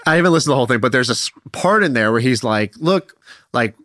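A man in his thirties, co-hosting a podcast, telling a story in an energetic, animated way. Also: medium pitch, rapid-fire, dry recording, studio quality. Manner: energetic, animated retelling with quoted voices. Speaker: podcast co-host. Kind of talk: casual storytelling chat.

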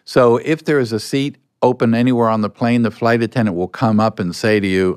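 An older man, a guest being interviewed, telling anecdotes in a relaxed way and acting out bits of dialogue. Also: mid-range voice, brisk, few pauses, smooth, no room sound, clean studio sound. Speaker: guest, former con artist. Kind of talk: storytelling interview answers.

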